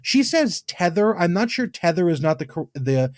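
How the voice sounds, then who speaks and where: A man with an English accent, co-hosting a podcast in casual chat, blunt and quick to dismiss, swearing freely. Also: sits high, sing-song, no room sound, clean studio sound. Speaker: podcast co-host.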